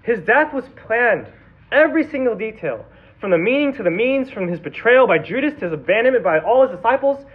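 A man's voice: extremely high pitch, lively intonation, a little fast, slightly rough. A man preaching to sixth graders with dramatic storytelling and emphatic repetition. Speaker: youth pastor. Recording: tinny phone-like sound.

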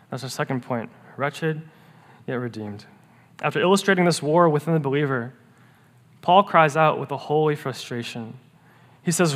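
A man preaching a sermon as pastor, earnest, rising to emphatic peaks and dropping to hushed, quiet lows. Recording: long reverb of a church hall.

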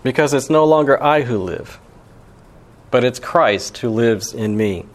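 A man's voice: medium pitch, expressive, unhurried. A young man giving a sermon as pastor, talking in a casual, conversational way with lots of "you know" and "right". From Alabama.

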